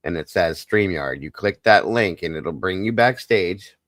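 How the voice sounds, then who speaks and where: A man hosting a live stream, talking softly and consolingly to viewers in the chat. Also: low-pitched, animated, measured pace, no room sound, clean studio sound. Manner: soft, consoling, emotional. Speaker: livestream host.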